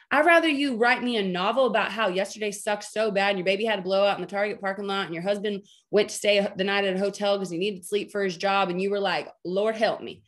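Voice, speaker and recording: Woman in her thirties, slightly high voice, playful and emphatic team-coaching delivery, heard over a video call. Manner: chatty, joking and emphatic, with many "okay?" check-ins. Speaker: team leader training her sales team. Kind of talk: training talk on a video call.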